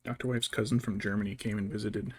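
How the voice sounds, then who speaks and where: A man's voice: lowish voice, little pitch movement, quick pace, a little hiss or hum. A young adult man chatting casually while painting miniatures, telling rambling, profane stories. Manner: profane, rambling storytelling with mocking impressions.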